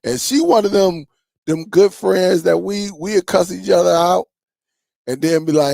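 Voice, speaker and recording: A man's voice: sits high, measured pace, gravelly, long pauses, darkish tone, no echo, clean studio sound. A man hosting a streaming tech channel, chatting loosely with his viewers in a rambling way and laughing often. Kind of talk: casual livestream chat with viewers.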